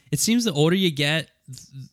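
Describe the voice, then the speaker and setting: Guy rambling on a podcast, kinda high voice, dry mic. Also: dry recording. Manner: rambling, hesitant, lots of restarts and laughs. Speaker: podcast co-host. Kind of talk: casual chat.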